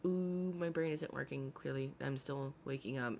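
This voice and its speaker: A woman's voice: extremely low pitch, normal speed, gravelly, darkish tone, slight background noise. A woman hosting a casual commentary stream, chatty and swearing freely as she greets her chat by name.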